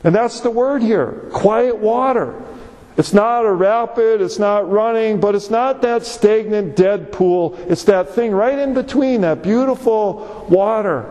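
A man preaches from the pulpit with a fairly high voice and an easy, conversational delivery. He leans into his points, doubling words as he presses on. His voice carries through the long reverb of a big church hall. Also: unhurried, warm tone. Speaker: pastor. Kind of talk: sermon.

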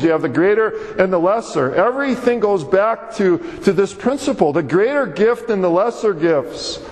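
A man's voice: sits high, lively intonation, moderate pace, few pauses. A man preaching a sermon as pastor, with an emphatic, repetitive cadence. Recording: long hall reverb.

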